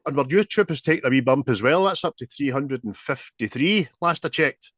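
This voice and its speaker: A man with a Glaswegian accent hosting a podcast, chatting casually and swearing freely in lively banter. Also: mid-range voice, fairly quick, no room sound, studio quality. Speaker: podcast host. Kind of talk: casual chat.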